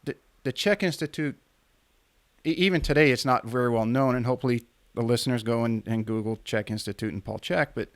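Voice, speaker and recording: A man with a gravelly, creaky voice, hosting an interview podcast. He asks long, winding questions, hesitating and restarting as he goes. The sound is dry and close, with no room around it. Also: mid-range voice, fairly quick, no echo. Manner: hesitant, repeats words and restarts his questions. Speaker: podcast host.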